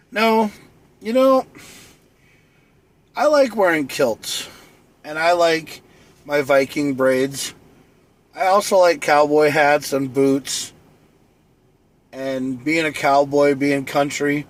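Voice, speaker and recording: A man rambles through a late-night solo live stream, joking and boasting in an easygoing way. He talks slowly, and his voice sits a little higher than most men's.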